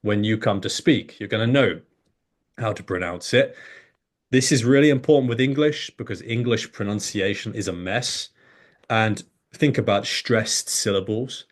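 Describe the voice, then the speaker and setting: A man with a fairly low voice talks through his ideas as a teacher, explaining steadily. He breaks into quick demonstrations of how learners pronounce words, so his delivery stays lively and hands-on. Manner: animated, demonstrates pronunciation examples. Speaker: English teacher, guest. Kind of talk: explanatory conversation.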